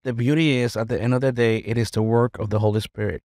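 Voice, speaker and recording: A man's voice: mid-range voice, fairly even intonation, quick pace, darkish tone, no echo. Brief: male pastor, sincere teaching manner, podcast, dry close mic. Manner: earnest, preachy encouragement. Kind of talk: casual podcast chat.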